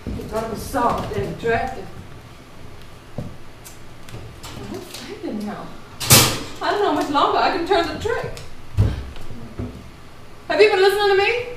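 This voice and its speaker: An actress plays a fragile, vain woman past thirty who is clinging to her fading charm. The voice is high and fluttery, pleading and theatrical, and it rings through a big echoing hall from a distant mic. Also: very animated, slow pace, long pauses, exaggerated voice. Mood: wistful. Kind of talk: live stage play acting. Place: theater stage. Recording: echoey hall, far mic, faint noise.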